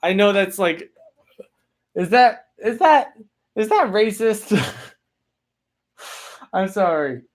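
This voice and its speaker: A young man with a high, animated voice hosts a casual livestream, talking slowly and pausing often. Rambling and apologetic, he fills his speech with filler words and playfully reads viewers' chat names aloud.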